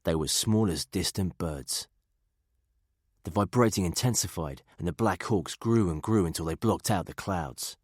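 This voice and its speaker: A man reading a thriller audiobook in a steady, measured narration. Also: low voice, husky, dry recording, studio quality. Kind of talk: scripted narration.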